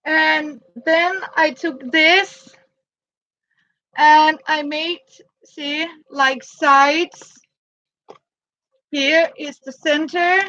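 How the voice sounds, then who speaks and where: A woman whose first language is Danish, showing her handmade boots and materials in halting, hesitant English with many pauses to search for words. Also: high-pitched, steady tone, bright, forceful tone, dull audio. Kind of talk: casual show-and-tell.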